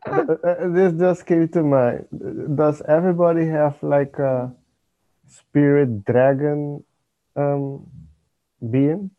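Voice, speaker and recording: A man asking halting, hesitant questions in a casual chat. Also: fairly high pitch, flat delivery, no room sound, dull audio.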